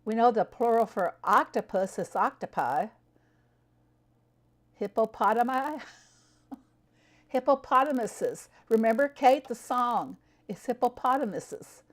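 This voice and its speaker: A woman with a fairly high voice speaks slowly, leaving long pauses. She's live-streaming a farming game and chatting casually with viewers, answering them by name and laughing a lot.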